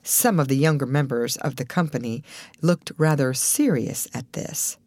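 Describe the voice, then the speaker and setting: Low-voiced woman reading a storybook. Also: normal speed, no room sound. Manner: expressive, varied reading. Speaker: audiobook narrator. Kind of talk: storybook narration.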